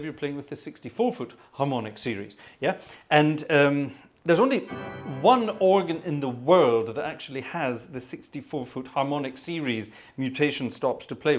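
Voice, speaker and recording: Middle-aged male organist host, chatty, rambling, self-deprecating explainer. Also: mid-range voice. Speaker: organist and live-stream host. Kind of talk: casual live-stream chat.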